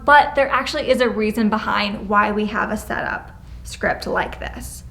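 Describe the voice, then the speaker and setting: A prevention educator leads a school class indoors, sounding brisk, upbeat, and encouraging. Her voice is a little high and a bit bright, and she gives clear step-by-step directions while acting out example phrases in shifting tones.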